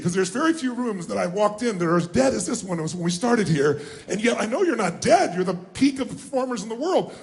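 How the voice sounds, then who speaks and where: Man rousing a seminar crowd. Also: sits high. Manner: energetic, calls on the crowd for responses. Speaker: motivational speaker. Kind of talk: live motivational seminar talk. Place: large hall with a live audience. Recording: roomy hall sound.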